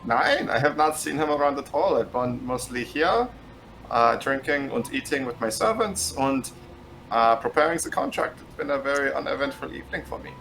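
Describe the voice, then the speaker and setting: A man voicing a German noble merchant in a put-on German accent, formal and halting, slipping in German words. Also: mid-range voice, animated, creaky, fairly bright tone, a little hiss or hum, poor audio.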